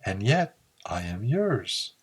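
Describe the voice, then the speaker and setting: A man voicing a seductive, mysterious siren woman in a soft, purring voice. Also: lowish voice, very animated, takes it slowly, breathy edge, full character voice. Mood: tempting.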